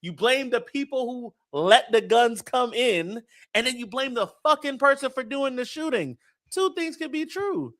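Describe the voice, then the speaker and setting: A man hosting a casual fan-show chat, animated and profane, reading viewer comments aloud. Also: extremely high pitch, normal speed. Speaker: podcast host.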